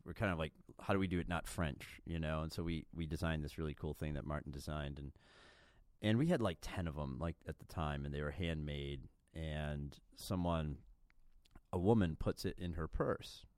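A man's voice: rumbling low, moderate pace, a little mellow, smooth, dry recording, clean studio sound. A man guest on a podcast, telling a story in a laid-back, chatty way with lots of fillers. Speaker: restaurateur guest.

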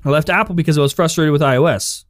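A man's voice: a little high, racing, dry recording, clean studio sound. A man giving heated, profane opinions in a casual podcast chat. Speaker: podcast co-host.

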